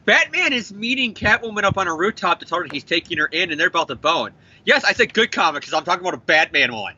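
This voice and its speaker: A man rants through a comic review in a casual, profane, joking way. His voice sits high and swings widely, with a very bright, forceful edge. The recording sounds dull and lo-fi. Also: fast, husky. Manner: profane, animated, jokey ranting. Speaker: comic book podcast co-host.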